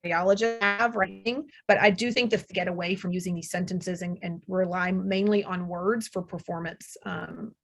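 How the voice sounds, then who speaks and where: A woman's voice: on the low side, steady tone, moderate pace, gravelly, hardly any pauses, soft background music. A middle-aged woman audiologist giving a webinar presentation, explaining steadily and reassuringly with frequent ums. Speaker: audiologist lecturer. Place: room with air conditioner hum.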